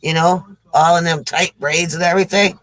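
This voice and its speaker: A man's voice: a little high, fairly even intonation, normal speed, a bit bright, dry recording, poor audio. A man short of breath and on oxygen, telling jokes to his viewers in a chatty, casual livestream. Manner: chatty, addresses viewers as folks. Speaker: livestream joke teller.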